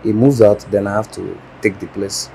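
A man's voice: on the low side, fairly even intonation, normal speed, creaky, noisy background. An actor with a Nigerian accent playing a smug young man who now owns the bar. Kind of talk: film drama acting.

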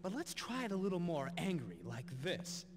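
A man's voice: big pitch swings, moderate pace, background noise. An actor voicing a fussy male opera singer in a game, coaching and demonstrating his lines. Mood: instructive. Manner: instructive, then bursts into high operatic delivery. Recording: echoey hall with background ambience.

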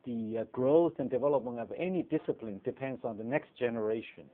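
A man, speaking in a measured interview with frequent pauses and fillers. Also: medium pitch. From China. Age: 70s. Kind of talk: interview reflection. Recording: tinny phone-like sound.

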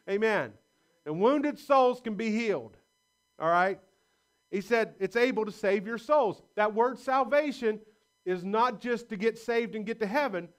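A man's voice: high-pitched, fairly bright tone, clean tone. A man preaching a sermon as pastor in a church, in a folksy style with stories and laughs. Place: church sanctuary.

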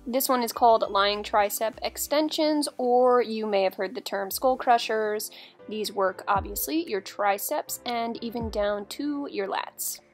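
A woman's voice: a little high, unhurried, faint music behind. A young woman talking through a dumbbell workout in a chatty, upbeat, instructive way, like a fitness vlogger.

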